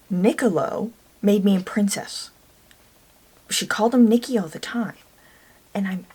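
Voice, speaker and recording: A woman's voice: mid-range voice, unhurried, long pauses, breathy edge. A woman from Ireland giving a casual, rambling review monologue, talking herself into a heated rant at times. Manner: chatty, rambling, gets worked up and rants. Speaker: book and TV reviewer.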